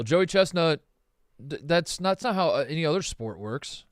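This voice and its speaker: A man hosting a casual sports podcast, trading jokes and quick comebacks with his crew. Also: a little high, expressive, no echo, studio quality. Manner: joking banter, quick comebacks. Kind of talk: casual chat.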